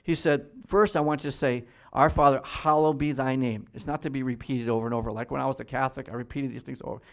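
A man preaching a sermon from the pulpit, in a mid-pitched voice. He reads scripture slowly and deliberately, dropping to quiet, measured emphasis, then climbs to loud, higher-pitched exhortation. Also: steady tone, gravelly, clear, resonant tone. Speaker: pastor.

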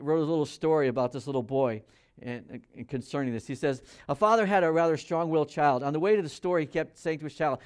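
A man delivering a sermon, his voice sitting a little higher than most men's. He reads scripture aloud with loud, swelling emphasis, then drops to quiet, low asides as he explains it to the congregation. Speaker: pastor.

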